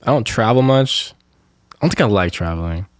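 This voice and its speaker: Young man, podcast co-host, low voice, dry close sound, swearing rant, lots of fillers. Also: lively intonation, fairly quick, dry recording. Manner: ranting, heavy swearing, many fillers. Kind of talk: casual chat. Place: Los Angeles area.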